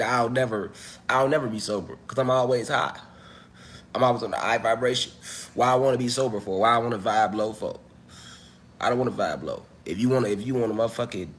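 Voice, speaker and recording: A man chatting casually on a home livestream, his voice sitting at an ordinary middle pitch. He talks straight to the viewers in loose slang and keeps coughing while he recovers. A faint hiss of noise sits under the recording. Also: fairly bright tone. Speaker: livestream host.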